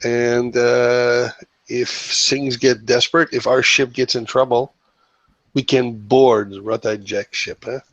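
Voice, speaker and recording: A man doing a slow sea captain. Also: medium pitch, level tone, fairly bright tone, dry recording. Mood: earnest. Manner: halting, full of fillers. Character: French male ship captain ally. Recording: muffled lo-fi recording.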